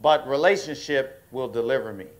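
Pastor preaching with call-and-response. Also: male voice, mid-range voice. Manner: call-and-response preaching, asks the congregation to affirm; slows down and rises in force for emphasis. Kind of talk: sermon. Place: church service.

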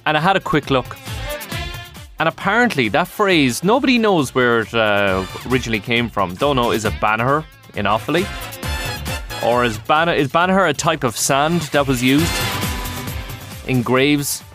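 A man's voice: medium pitch, normal speed, music in the background. An Irish man hosting a breakfast radio show, chatty and jokey, laughing often.

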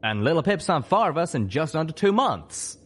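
A man's voice: fairly high pitch, big pitch swings, normal speed, slightly rough, voice pushed up. A man doing a drawling pegasus gunslinger. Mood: wry. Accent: put-on Southern US drawl. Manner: drawling, folksy.

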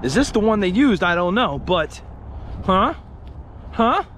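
Thirties man exploring woods on a handheld camera, high and lively, jokey and excitable. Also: unhurried, slight background noise. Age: 30s. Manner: excitable, rambling, swearing, jokey. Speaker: paranormal explorer vlogger. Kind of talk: casual outdoor vlog. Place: woods outdoors.

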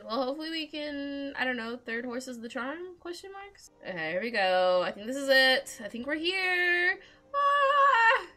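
High, lively woman gaming. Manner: chatty and excitable, talks to game characters. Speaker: gamer playing a role-playing game. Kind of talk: casual let's-play commentary.

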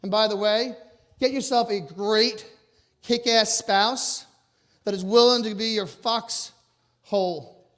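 Loud, high-voiced man telling his story. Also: steady tone, takes it slowly, long pauses. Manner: loud and emphatic. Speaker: motivational speaker. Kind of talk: personal storytelling talk to an audience.

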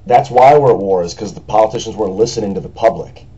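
A hoarse young man from the United States with a raspy voice, talking earnestly and with frustration in a rambling home video message, full of fillers. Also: on the low side, fast talker, dark tone, highs cut off. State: hoarse after a party. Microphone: camera microphone.

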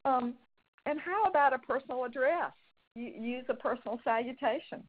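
A woman's voice: sits high, normal speed. Woman presenter, emphatic and chatty, heard over a tinny phone-like line. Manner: emphatic, conversational, many fillers and restarts. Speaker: fundraising consultant presenter. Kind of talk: webinar teaching.

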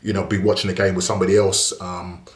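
A man talks through a football match preview in a loose, rambling monologue full of fillers. His voice sits on the low side. The room around him is echoey. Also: little pitch movement, fast talker. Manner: chatty and rambling, many fillers and restarts. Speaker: football channel host.

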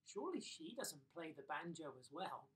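Man voicing a friendly postman, cheery, lively pitch, far from mic. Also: normal speed.

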